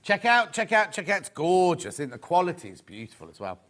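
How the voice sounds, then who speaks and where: Guy hosting a live shopping show, bit high voice, gushes and repeats himself. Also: very animated, brisk, fairly bright tone. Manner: chatty and gushing, repeats phrases. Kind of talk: live sales chat.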